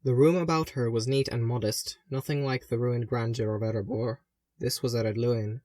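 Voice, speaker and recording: A man reading a fantasy story aloud in a gentle, measured narration. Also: medium pitch, steady tone, no room sound, clean studio sound. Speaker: audiobook reader. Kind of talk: fan audiobook narration.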